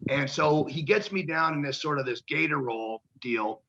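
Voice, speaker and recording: A man telling stories as an interview guest, animated and acting out the people he quotes, swearing casually, on a dull lo-fi recording. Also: a little high, normal speed. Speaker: guest, professional wrestler.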